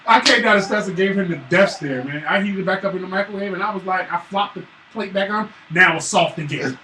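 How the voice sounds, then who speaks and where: High-voiced man telling family stories. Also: quick pace. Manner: animated, profane, acts out his son's voice. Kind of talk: casual chat, storytelling. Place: room at a live stream. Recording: roomy, distant mic, faint hiss.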